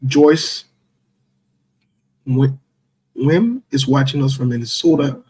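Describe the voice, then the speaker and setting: Husky man hosting a live stream. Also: medium pitch, slow. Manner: playful, chuckling, shout-outs to viewers. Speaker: livestream host. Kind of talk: casual live-stream chat, reading out viewers.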